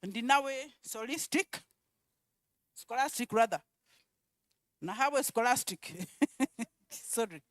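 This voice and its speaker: Slow, high-voiced woman calling a roll. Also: expressive, dry recording. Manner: reads names slowly and repeats each one, with quiet asides between. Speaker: event presenter calling out names. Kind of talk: roll call at a conference.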